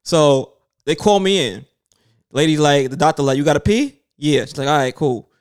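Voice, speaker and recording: A man in his thirties telling a story in casual chat, animated and swearing freely, acting out other people's lines. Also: on the high side, moderate pace, clean tone. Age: 30s.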